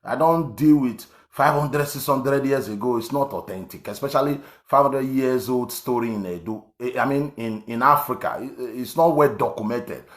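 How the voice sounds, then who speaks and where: A man's voice: medium pitch, moderate pace, hardly any pauses. Emphatic Nigerian man in an echoey room. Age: around 50. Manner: emphatic and repetitive, many fillers and restarts. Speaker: online commentator. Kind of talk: political commentary monologue.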